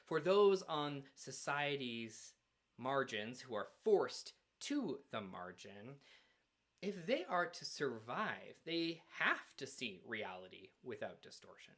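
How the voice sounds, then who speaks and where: A male minister giving a sermon at a church, earnest and measured, with dramatic pauses. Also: mid-range voice, sharp tone. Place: church sanctuary.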